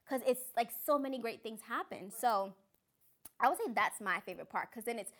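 A woman's voice: on the high side, brisk. A young adult woman, a guest author, telling stories in a casual chat and acting out what other people said. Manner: animated, acts out other people's lines. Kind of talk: casual storytelling.

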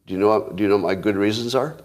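Low-voiced man riffing to live viewers. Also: very fast, a little mellow. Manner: conversational, talks to live viewers, repeats words when restarting. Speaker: podcast host. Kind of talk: casual livestream monologue.

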